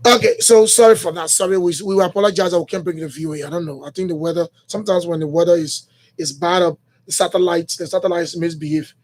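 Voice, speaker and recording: A man's voice: sits high, steady tone, fast. A man with a Liberian accent hosting a morning radio talk show, rambling and repeating himself with many fillers as he thinks aloud. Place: radio studio.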